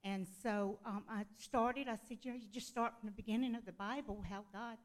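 A woman sharing a testimony at a church gathering, speaking hesitantly with halting fillers. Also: fairly high pitch, fairly even intonation, low-quality recording. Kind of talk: casual spoken testimony.

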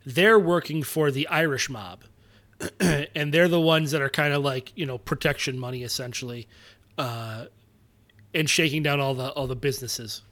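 A man's voice: medium pitch, normal speed, a bit bright. Eager male podcast co-host. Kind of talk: casual chat about a film.

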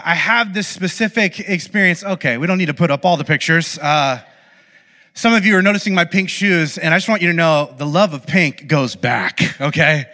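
A pastor with a high, sharp, bright voice gives an animated, self-deprecating story sermon, repeatedly breaking off for quick jokes and asides with the congregation. A long reverb from a big church hall carries his words.

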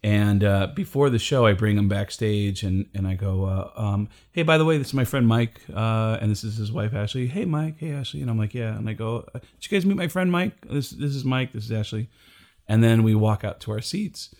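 A middle-aged man casually telling a comedy story, acting out the people he quotes with big jumps in pitch. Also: expressive, fairly quick, a little mellow. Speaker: comedian guest.

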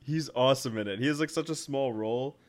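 A young man co-hosting a movie podcast, talking in loose, rambling casual chat at a middle pitch. He piles up fillers and slips into quick put-on voices when he retells scenes. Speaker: podcast co-host.

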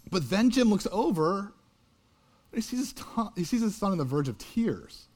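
A man's voice: high-pitched, normal speed. A man in his thirties, a pastor, telling a story in a sermon in an earnest, conversational way. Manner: earnest, conversational, builds to loud animated peaks.

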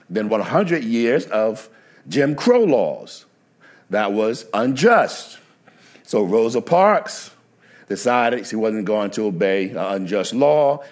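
A male pastor preaching a sermon, telling stories and building to emphatic preaching. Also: medium pitch. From New Jersey. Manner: storytelling, shifts to rising preaching emphasis. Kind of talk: sermon with anecdotes.

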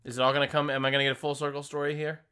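Low-pitched, blunt-talking woman. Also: little pitch movement, racing, a bit bright, clean tone. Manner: blunt, profane reactions. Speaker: podcast co-host. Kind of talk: casual chat.

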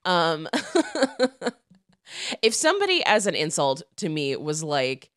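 A woman in her thirties co-hosts a casual podcast chat with a very lively, swooping pitch. She talks bluntly and swears freely. The sound is dry and close. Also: takes it slowly, clean tone, dry recording. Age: 30s. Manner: animated, laughing, blunt and profane. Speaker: podcast co-host.

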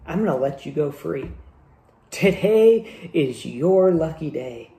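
Brisk, stern parable king, put on by a male preacher; mellow, gravelly, roomy sound. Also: on the high side, expressive, exaggerated voice. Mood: magnanimous. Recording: echoey room.

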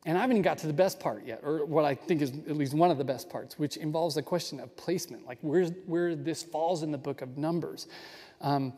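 A man's voice: on the high side, fairly quick, dark tone. A man giving a sermon in an earnest, enthusiastic way, often restarting his phrases. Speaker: pastor. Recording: long hall reverb.

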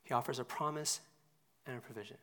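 A man preaching a sermon in a casual, conversational way with many fillers. He drops to a hushed near-whisper and then builds up to loud, emphatic points. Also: medium pitch, quick pace. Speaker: pastor.

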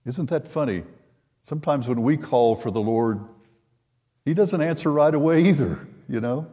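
An older man preaching a sermon, retelling a scripture story in an unhurried way and voicing the quoted lines. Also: fairly high pitch, mellow. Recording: long hall reverb.

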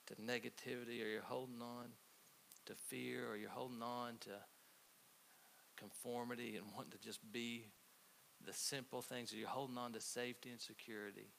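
A man preaching a conversational sermon, telling stories with halting restarts. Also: mid-range voice, little pitch movement, gravelly, a bit bright. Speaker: pastor. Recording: faint hiss.

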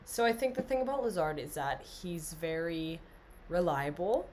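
A young woman co-hosts a casual sports podcast after a few drinks. Her voice sits fairly low, and she rambles and laughs between stats. Faint hiss sits under the recording. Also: animated, moderate pace, a little mellow. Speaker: podcast co-host. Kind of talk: casual tipsy sports chat.

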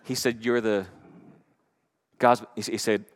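Guy pastor giving a sermon, lively storyteller, gets loud then goes quiet. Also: on the low side, takes it slowly. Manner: animated storytelling, swings from loud to hushed.

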